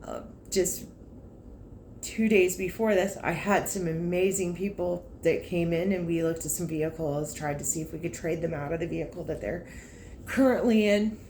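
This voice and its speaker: A woman's voice: on the low side, fairly even intonation, normal speed, darkish tone, slight background noise. A woman, a car salesperson talking candidly and emotionally about her work in a casual vlog. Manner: candid and emotional, with laughs and frank asides. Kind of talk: casual personal vlog talk.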